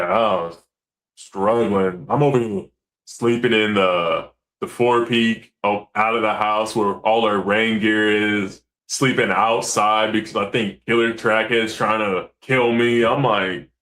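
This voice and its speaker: A man, a commercial fisherman, telling stories in a casual, animated way, acting out quotes and swearing freely. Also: on the low side, measured pace. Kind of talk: casual storytelling.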